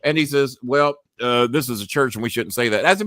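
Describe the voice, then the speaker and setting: A man hosting a show, telling a profane, animated story and acting out the yelling voices. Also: medium pitch, brisk, dry recording, studio quality. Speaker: host. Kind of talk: casual storytelling chat.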